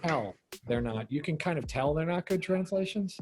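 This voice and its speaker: Chatting over a video call with music playing behind, this co-host is an animated storyteller who imitates the voices of those he quotes. He speaks at normal speed in a slightly high voice, with a little hiss or hum on the phone or call audio.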